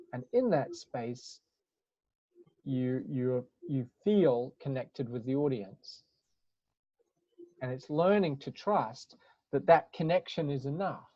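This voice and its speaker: A man's voice: medium pitch, darkish tone, no room sound. Thoughtful man on a dull webinar line. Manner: thoughtful, searching phrasing with restarts. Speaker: webinar speaker on communication. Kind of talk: reflective webinar talk. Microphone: video call.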